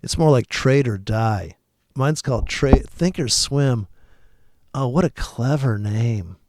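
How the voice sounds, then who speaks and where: Trader guy ranting about stocks, cusses a ton, raspy fry in his voice. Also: medium pitch, animated, a little slow, heavy background noise. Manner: irreverent, swears a lot, laughs at own jokes. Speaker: forex trader giving weekly forecast. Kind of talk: rambling profane market commentary.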